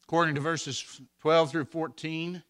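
Older male preacher, folksy and bright-toned, a bit higher than most men, rising loud on scripture. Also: flat delivery, measured pace. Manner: folksy storytelling, swells loud on scripture quotes. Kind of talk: sermon.

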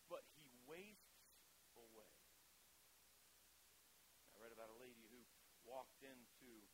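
A pastor preaching a sermon, emphatic and folksy, swinging from loud declarations to quiet conversational asides. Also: male voice, mid-range voice, noisy background. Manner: folksy and conversational, tells humorous anecdotes.

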